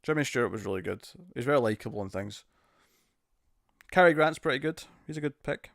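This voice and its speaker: A man's voice: medium pitch, lively intonation, fairly quick, vocal fry, a bit bright, no room sound, clean studio sound. A man with a British accent hosting a casual live stream, answering chat questions in a loose, jokey way and often laughing. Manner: laughing, jokey, attempts bad celebrity impressions. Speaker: streamer host.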